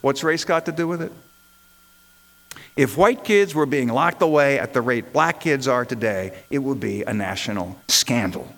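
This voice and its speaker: Male minister, impassioned sermon delivery with rhetorical repetition, medium pitch. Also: animated, moderate pace, a bit bright, low-quality recording.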